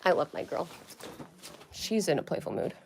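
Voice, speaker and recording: A woman's voice: lowish voice, big pitch swings, moderate pace, vocal fry, slight background noise. Breathless chatty young woman livestreaming. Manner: chatty, rambling, lots of "like" and baby talk to pets. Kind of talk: casual livestream chat. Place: her family home, indoors.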